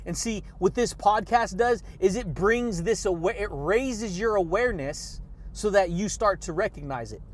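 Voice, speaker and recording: A man hosting a motivational podcast monologue, hyped and energetic, laughing often and shouting catchphrases. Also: high voice. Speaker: podcast host.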